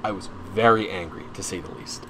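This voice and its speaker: A man's voice: low-pitched, brisk, noisy background. A young man streaming, telling a long personal story in casual chat, rambling and restarting often, sounding anxious and frustrated. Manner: rambling, full of restarts and asides; openly anxious and frustrated as he recounts.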